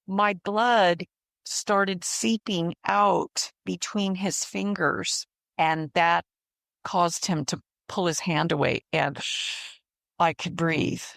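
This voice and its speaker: Slow, gravelly older woman telling her story. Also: on the low side, fairly even intonation, fairly bright tone, dry recording, studio quality. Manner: slow, earnest storytelling with repeated phrases. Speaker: interview guest. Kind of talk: personal testimony in interview.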